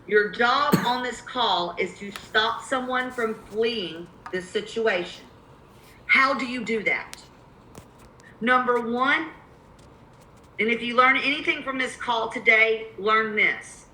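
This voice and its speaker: A woman's voice: fairly high pitch, slow, sharp tone, echoey room, poor audio. A woman with a Southern accent coaching real estate investors on cold calls in a live webinar, emphatic and repeating her key points.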